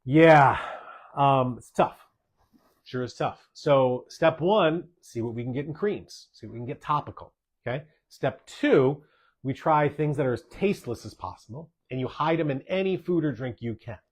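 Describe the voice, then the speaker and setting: Male doctor-host, mid-pitched, chatty Q&A delivery, drives points home by repeating them. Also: animated, normal speed. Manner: emphatic, repeats key points, tags sentences with "okay?". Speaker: doctor hosting a podcast. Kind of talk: casual podcast Q&A, answering listener questions.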